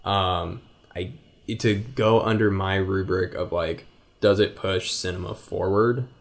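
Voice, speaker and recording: Very deep gravelly man talking films. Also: steady tone, slow pace. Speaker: podcast co-host. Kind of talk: casual film review chat.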